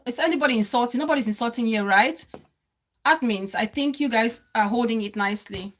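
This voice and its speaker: A woman's voice: on the high side, brisk, a bit bright. A woman hosting a live stream, speaking earnestly to her viewers and repeating phrases for emphasis. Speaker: livestream host.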